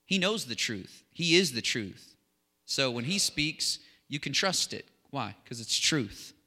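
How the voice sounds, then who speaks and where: A man preaching a sermon as a pastor, talking with rising animated excitement. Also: mid-range voice, measured pace. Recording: long hall reverb.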